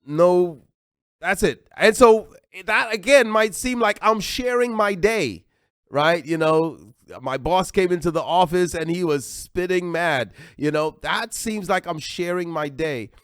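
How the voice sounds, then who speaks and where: An American man preaches from the pulpit in a smooth, resonant voice that sits a little high. He is animated and acts out short everyday dialogues. The sound is close and dry, with no room around it. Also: measured pace, no room sound. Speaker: pastor. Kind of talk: sermon.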